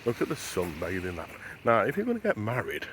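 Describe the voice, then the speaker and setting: Filming on a handheld camera as he walks a sunrise beach, a male travel vlogger talks casually to the lens and wonders aloud. His voice is on the low side yet swings hugely in pitch, fairly quick and fairly bright in tone. There's a little hiss or hum.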